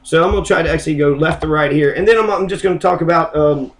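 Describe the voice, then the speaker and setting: Brief: man, flu-sick, loose and profane, slightly high-pitched, casual vlog ramble. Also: fast. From Kentucky. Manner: rambling, profane, stop-start. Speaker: political video blogger.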